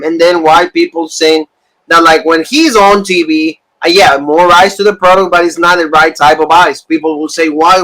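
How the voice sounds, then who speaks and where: A man co-hosting a casual wrestling review show, talking in animated rants full of fillers and repeated phrases. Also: high voice, poor audio. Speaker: podcast co-host.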